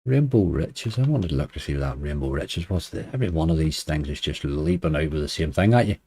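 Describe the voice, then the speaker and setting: A man's voice: a bass voice, lively intonation, brisk, mellow, slightly rough. A man hosting a late-night slots live stream, chatting casually, greeting viewers and laughing often. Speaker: slot streamer.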